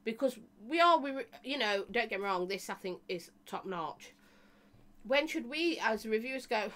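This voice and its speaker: A woman's voice: on the high side, animated, fairly quick, fairly bright tone. Chatty woman hosting a live stream. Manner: chatty, rambling, with frequent "you know" and restarts. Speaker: live-stream host and vape reviewer. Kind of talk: casual live-stream chat.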